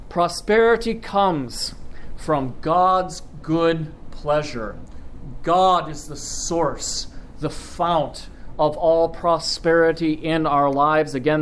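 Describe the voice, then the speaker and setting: A man preaching a sermon in a measured, emphatic way, slowing down to stress key phrases. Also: on the high side, slight background noise.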